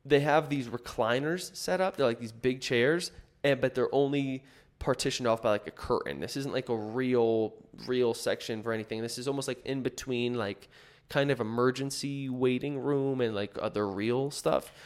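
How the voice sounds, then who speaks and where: A man telling a personal story in a casual, rambling way, full of fillers and restarts. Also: medium pitch. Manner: rambling, filler-heavy, self-correcting.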